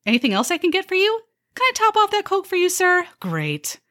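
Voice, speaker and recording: A woman playing a chirpy, sarcastic young restaurant server who mixes bubbly upselling patter with deadpan jabs. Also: very high voice, fast talker, pitched above the performer's own voice, exaggerated voice. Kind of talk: comedy skit.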